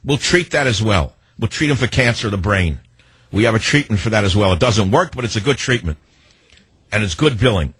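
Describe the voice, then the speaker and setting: A man's voice: lowish voice, expressive, a little fast, fairly bright tone, husky, no echo. A man hosting a talk radio show, delivering a ranting, sarcastic monologue.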